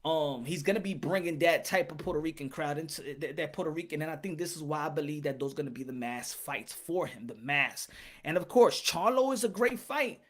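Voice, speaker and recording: A man's voice: fairly high pitch, expressive, fairly quick, fairly bright tone. A man hosting a casual boxing live stream, bantering with his chat in a profane, laughing way. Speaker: boxing channel host.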